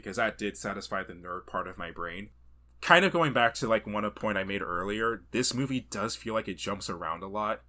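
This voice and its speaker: Guy on a movie podcast, kinda low but bright sounding, gets animated and laughs a lot. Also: moderate pace. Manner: animated, laughs often, acts out quotes. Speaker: podcast co-host. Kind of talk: casual movie review chat.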